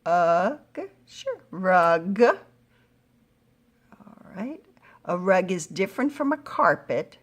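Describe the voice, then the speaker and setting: A middle-aged woman teaching a phonics lesson to young readers, patient and encouraging, sounding words out slowly. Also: fairly low pitch, sing-song. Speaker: reading teacher.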